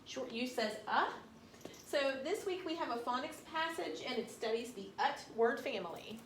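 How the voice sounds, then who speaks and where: A woman teacher giving a phonics lesson to young children, sounding out each word slowly and carefully. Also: high-pitched, animated, a bit bright. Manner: slow, sounding out words carefully. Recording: roomy room, distant mic, faint hiss.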